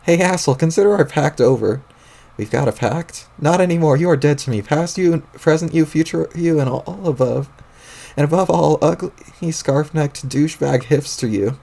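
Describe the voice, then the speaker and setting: A man voicing an angry, panicky young male troll who rants loudly and frantically and swears a lot, while reading a webcomic aloud on stream. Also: on the high side, moderate pace, vocal fry. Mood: furious. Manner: loud, ranting, frantic.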